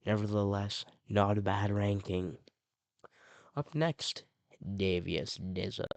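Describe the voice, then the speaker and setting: A man's voice: on the low side, level tone, slow, muffled recording, faint music behind. A man giving casual commentary as he ranks theme tunes, rambling along with frequent restarts and self-corrections. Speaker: video creator ranking show themes.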